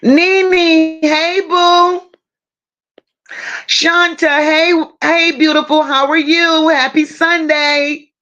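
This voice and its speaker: A woman's voice: very high voice, level tone, extremely slow, pushed and bright. A woman hosting a livestream, greeting her viewers one by one with pet names like baby and boo. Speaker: livestream commentary host. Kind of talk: casual livestream chat. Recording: dull lo-fi livestream audio.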